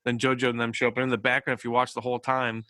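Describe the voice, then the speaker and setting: A man's voice: medium pitch, monotone, rapid-fire, bright, forceful tone, no room sound. A man hosting a podcast in casual chat, rambling with lots of fillers and laughing often. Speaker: podcast host.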